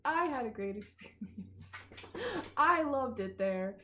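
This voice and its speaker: A woman's voice: on the high side, lively intonation, slow, a bit bright, a little hiss or hum. A young woman vlogging outdoors in her backyard, rambling and giggling and often sidetracked, recorded on a phone. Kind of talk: casual chat.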